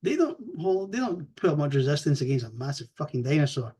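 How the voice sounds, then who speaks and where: A man recapping a comic story in a rambling, animated way, swearing freely and acting out the characters' lines. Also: on the high side, fast, husky. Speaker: comics reviewer.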